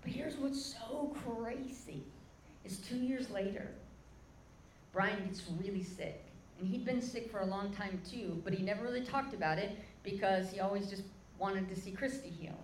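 A woman's voice: medium pitch, normal speed, reverberant, slight background noise, poor audio. A woman preaching a sermon, telling an emotional testimony story and calling out to the crowd as "guys".

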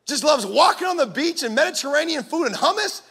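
A man's voice: extremely high pitch, lively intonation, fairly quick, gravelly, a bit bright. A man preaching a sermon as a pastor, in an impassioned, punchy way.

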